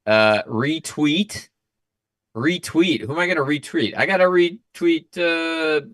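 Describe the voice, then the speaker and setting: A man, a guest on a chat stream, explaining his reasoning in a thoughtful, measured way. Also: on the high side, a bit bright, dry recording, clean studio sound. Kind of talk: casual chat.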